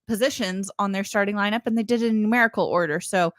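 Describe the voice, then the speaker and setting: An American woman co-hosting a casual fan podcast, giddy and quick to laugh. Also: medium pitch, no echo, clean studio sound. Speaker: podcast co-host.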